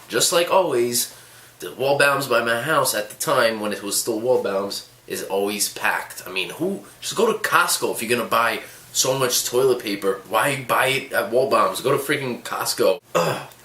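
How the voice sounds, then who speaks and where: Animated New vlogger with a bright voice. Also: male voice, on the low side. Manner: animated, sarcastic asides. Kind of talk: casual storytelling. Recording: echoey room.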